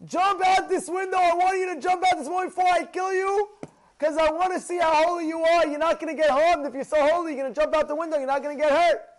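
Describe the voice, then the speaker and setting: A man playing a furious attacker with an axe who shouts menacing taunts at a rabbi. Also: extremely high pitch, fairly even intonation, fast, pitched above the performer's own voice, rough recording.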